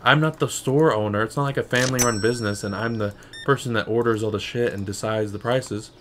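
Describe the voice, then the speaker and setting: The same kind of rambling, sarcastic shop-game stream, with the young man leaning heavily on "bro" and "like." Here his voice is medium-pitched, fairly even and fairly quick, over a noisy background.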